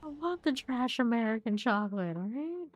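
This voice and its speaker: A woman's voice: a little high, lively intonation, moderate pace. A young woman streaming a game, chatting casually with viewers, answering chat and laughing easily while she plays.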